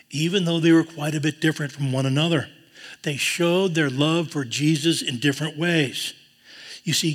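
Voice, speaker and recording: A man preaching a sermon, earnest, dropping to a hushed voice when he quotes tender words. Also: a little high, husky. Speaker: pastor. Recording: long hall reverb.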